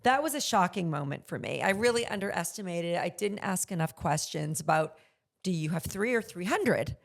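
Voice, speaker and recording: A middle-aged woman, a podcast guest who owns a luxury consignment store, telling candid, animated stories and acting out the voices she quotes. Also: fairly low pitch, fairly quick, creaky. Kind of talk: conversational interview storytelling.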